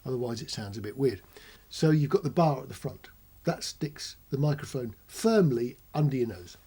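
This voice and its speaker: A man's voice: mid-range voice, lively intonation, normal speed, slightly rough. Man explaining gear in a chatty way. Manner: chatty, demonstrates whispering and shouting into the mic. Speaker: host demonstrating audio gear. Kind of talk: informal technical explainer. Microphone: close ribbon commentary mic.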